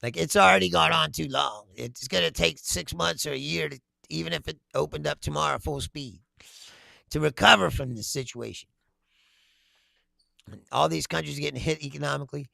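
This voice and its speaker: A man's voice: a little high, moderate pace, gravelly, bright, forceful tone, dry recording. A man hosting a political commentary show, talking bluntly with lots of swearing and frequent laughter. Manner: laughs often, blunt and profane. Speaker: host.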